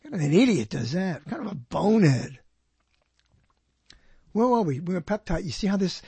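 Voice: medium pitch, husky, dry recording. A solo host talking into a microphone in a digressive, jokey monologue, reading out quotes and wandering off topic. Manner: digressive, jokey, talks to self, hums and laughs. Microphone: close microphone.

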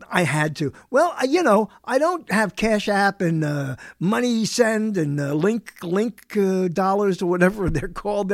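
Chatty man hosting a lively talk show. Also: sits high, dry recording, studio quality. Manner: digressive, chatty, self-interrupting. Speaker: radio show host. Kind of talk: rambling solo talk show monologue. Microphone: studio microphone.

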